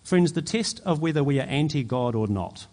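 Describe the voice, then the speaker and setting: A man preaching a sermon as pastor, emphatic and building to forceful peaks. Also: fairly high pitch, lively intonation, moderate pace.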